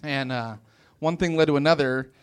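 On stage at a comedy club, a young man from West Virginia delivers wry stories, voicing the people in them. He speaks at a moderate pace in a fairly high, clear voice with a resonant tone.

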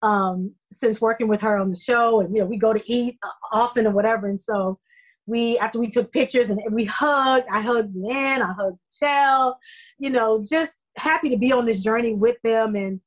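A middle-aged actress answers interview questions with a rather high voice. She tells her story effusively and with feeling, breaking into animated quoted asides. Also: normal speed, rough recording. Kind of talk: conversational interview.

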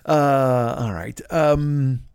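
A man in his fifties talks alone into a plugged-in podcast mic at home, rambling and profane, with constant restarts and asides. His voice sits at an ordinary middle pitch. The sound is dry and close, with no room echo. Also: extremely slow, a little mellow, clear, resonant tone. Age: 50s. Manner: rambling, profane, self-mocking, with many restarts and fillers. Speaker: podcast host. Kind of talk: solo late-night podcast rant. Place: home, at a desk with a laptop. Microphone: plugged-in podcast microphone.

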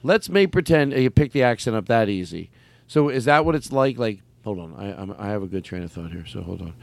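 A man's voice: on the low side, animated, a little fast, gravelly, no echo. A man hosting a comedy podcast, talking casually, rambling and circling back to press his point. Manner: rambling, restarts, builds arguments insistently. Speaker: podcast host.

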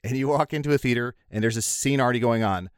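A man's voice: mid-range voice, fast talker, no room sound, clean studio sound. An American man in casual podcast chat, jokey and rambling, poking fun at himself. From United States. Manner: jokey, rambling, self-deprecating.

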